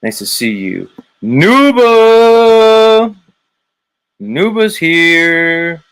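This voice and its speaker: Greeting his viewers and reading out their comments, this livestream host is teasing, laid-back, and drawn-out. His high voice is very animated, fairly bright, and smooth, though the recording is rough.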